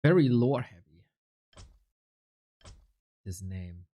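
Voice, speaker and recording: A young man calling a strategy game live, his pitch jumping around animatedly as he shifts between play-by-play and friendly chat with his viewers. He talks casually and reacts on the fly, greeting people in chat mid-sentence. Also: slow. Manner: lively, chatty, reacts to viewers mid-commentary. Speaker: esports caster and streamer.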